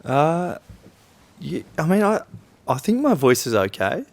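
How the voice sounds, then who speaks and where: A man's voice: on the high side, very animated, measured pace, gravelly. A young man co-hosting a casual couch podcast, teasing and ribbing his mate in a dry way. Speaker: podcast co-host. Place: living room couch, close dry mic.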